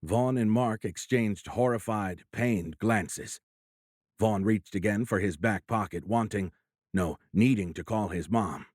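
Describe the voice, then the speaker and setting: A man narrates a thriller audiobook in a low, measured voice. His reading is dramatic but steady. The sound is close and dry, with no room around it. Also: no echo. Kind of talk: scripted narration.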